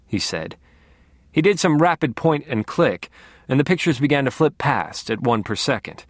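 A man's voice: medium pitch, sing-song, normal speed, dry recording. A man narrating a first-person audiobook in a dry, wry manner.

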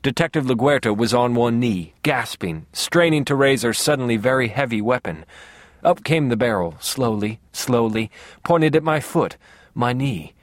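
A man narrating an audiobook in the first person, in a low-key, measured way, close to the mic. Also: animated, no room sound.

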